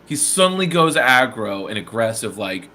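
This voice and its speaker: Animated man telling a story. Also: mid-range voice, normal speed. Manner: animated, acts out quoted people, swears. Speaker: podcast host telling a story. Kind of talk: casual storytelling chat. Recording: faint background noise.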